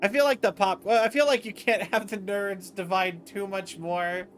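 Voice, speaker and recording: A man's voice: high-pitched, fairly even intonation, normal speed, a bit bright. A tired man streaming late at night, rambling and interrupting himself in casual livestream commentary. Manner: rambling, self-interrupting, chatty. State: tired, yawning.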